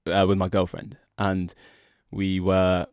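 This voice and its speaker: A man's voice: deep voice, completely flat delivery, slow pace, darkish tone, clean tone, no echo, studio quality. A young adult man, a podcast co-host, casually telling a long, rambling joke story and laughing as he goes. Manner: rambling, laughs often, drags out the setup.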